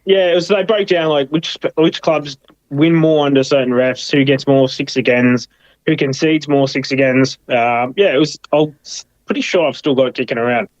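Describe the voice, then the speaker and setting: A man's voice: medium pitch, moderate pace, dry recording. Australian male co-host, muffled lo-fi stream audio, dry, rambling agreeable chat. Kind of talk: casual sports chat.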